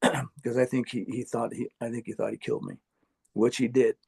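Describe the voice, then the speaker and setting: Gravelly man telling a personal story. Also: mid-range voice, little pitch movement, warm tone. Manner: halting, earnest, many fillers and restarts. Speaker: near-death experience storyteller. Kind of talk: personal testimony interview.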